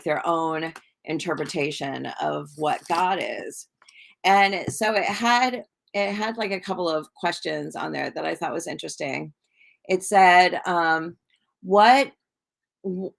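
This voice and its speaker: A woman hosting a relaxed livestream from home, talking to her viewers in a loose, rambling way. Her voice is on the low side, and she speaks slowly with plenty of fillers. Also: creaky. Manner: rambling and chatty, full of fillers; talks to viewers in the chat. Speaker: livestream host and tarot reader. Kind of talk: casual live-stream chat.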